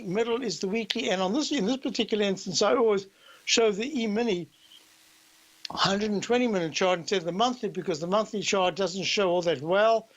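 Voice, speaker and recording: A man's voice: high voice, fairly bright tone, poor audio. An older man with a South African accent, hosting a radio show and walking listeners through market charts in a rambling, conversational way. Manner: rambling, conversational, explains slowly. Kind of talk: market commentary.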